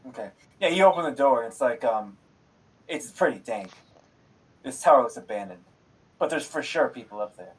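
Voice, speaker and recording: Husky-voiced male game master. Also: mid-range voice, animated, moderate pace, long pauses, rough recording. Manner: casual, laughs often, swears freely. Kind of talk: narrating a tabletop game. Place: streamed online game session.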